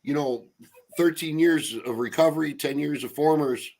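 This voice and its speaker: Blunt husky man in casual chat. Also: a little high, moderate pace, darkish tone. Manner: blunt, swears freely, laughs through stories. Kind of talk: casual recovery group chat.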